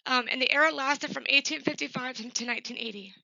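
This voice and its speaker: Woman, student presentation, high pitch, earnest, lots of ums, dry slightly dull computer-mic sound. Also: quick pace, gravelly, sharp tone, dry recording. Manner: plain, earnest delivery with frequent ums and uhs. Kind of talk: recorded class presentation.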